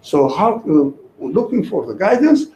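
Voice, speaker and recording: A high, lively male voice explains religious ideas slowly, reasoning aloud through everyday examples. He sounds mellow and patient. The recording is echoey, with a faint background hiss. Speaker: religious teacher. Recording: echoey room with faint noise.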